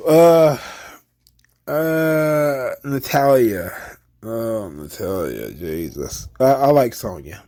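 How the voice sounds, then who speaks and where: A man giving a casual, opinionated recap of a wrestling show as the channel's host. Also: medium pitch. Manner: chatty, opinionated, slips into animated impressions of fans.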